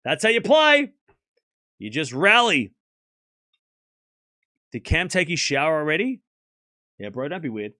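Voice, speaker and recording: Bright, lively man calling tennis live. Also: fairly high pitch, measured pace, long pauses. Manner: chatty play-by-play, reads out donations; laughs often, excitable. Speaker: tennis stream host. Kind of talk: live watchalong commentary.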